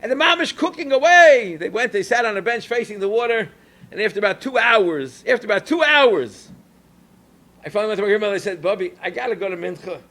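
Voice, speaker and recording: A man with a very high, bright voice delivers a Torah lecture as a rabbi. He moves between storytelling and teaching, and he slips Yiddish and Hebrew phrases into his English. Now and then he rises to emphatic calls. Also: lively intonation, a little fast.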